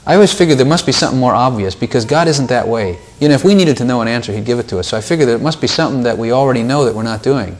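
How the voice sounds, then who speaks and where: A man's voice: medium pitch, animated, rapid-fire, few pauses. A man leading an informal Bible study, talking things through casually, repeating words and lifting his voice when he quotes scripture.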